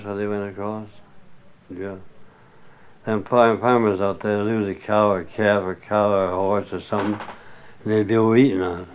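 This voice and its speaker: Older man, oral-history interviewee. Low, smooth voice, folksy and salty storytelling, muffled lo-fi tape. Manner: folksy, salty, chuckling yarn-spinner. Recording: muffled lo-fi recording.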